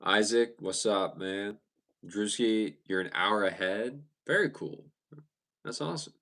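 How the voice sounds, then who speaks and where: A young man hosting a livestream, casually chatting with viewers and answering their comments in a relaxed way, often stumbling and restarting his sentences. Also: fairly low pitch, measured pace. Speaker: livestream host. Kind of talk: casual live chat reading viewer comments.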